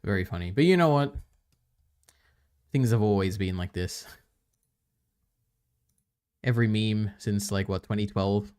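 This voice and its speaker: A man's voice: lowish voice, measured pace, long pauses, a little mellow, clean tone. Chatty man rambling on a live stream. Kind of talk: casual live-stream chat.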